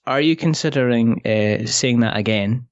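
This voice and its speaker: A man's voice: medium pitch, moderate pace, dry recording. A man hosting a casual podcast conversation, joking and teasing in playful banter. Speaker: podcast host. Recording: slightly dull lo-fi audio.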